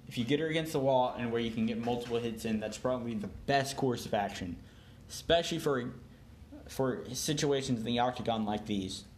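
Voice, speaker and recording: A man's voice: medium pitch, fairly quick. Tired young man, dry and laughing. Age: young adult. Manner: dry, laughing, tired late-night delivery. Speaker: podcast guest. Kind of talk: casual chat. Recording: echoey room, faint noise.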